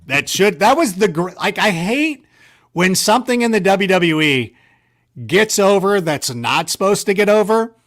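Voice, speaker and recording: A man tells stories as an interview guest, his fairly high voice rambling and doubling back on itself. He talks in an animated, self-correcting way, with sarcastic banter woven in. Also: unhurried. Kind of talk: casual storytelling.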